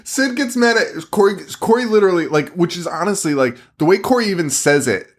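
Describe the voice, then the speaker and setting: Lively laughing male podcast co-host. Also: high-pitched, a little fast. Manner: animated, laughing, swearing. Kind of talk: casual chat.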